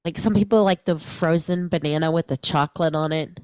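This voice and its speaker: Chatty woman with a low voice. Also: brisk, a little mellow, clear, resonant tone, no room sound. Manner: chatty, laughs easily, trails off and restarts. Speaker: podcast co-host. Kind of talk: casual podcast chat.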